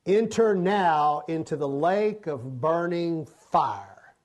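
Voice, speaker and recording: A man voicing a stern male God passing judgment in slow, grave pronouncements. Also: fairly high pitch, expressive, a little mellow.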